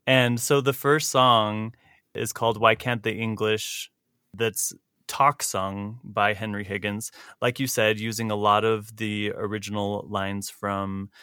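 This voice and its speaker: A man hosting a podcast in casual chat, animated and laughing often as he talks. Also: smooth, no echo, studio quality. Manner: animated, laughs often, big pitch jumps. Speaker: podcast host.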